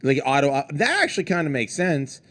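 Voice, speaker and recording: Rambling, animated male podcast co-host. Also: fairly high pitch, fairly quick. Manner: rambling, animated, mimics presenters for laughs. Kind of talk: casual tech podcast chat.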